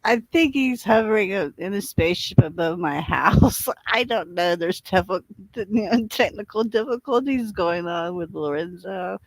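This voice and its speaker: A woman's voice: mid-range voice, lively intonation, moderate pace, no echo, rough recording. A woman chatting casually as a guest on a livestream, playful and teasing and laughing often.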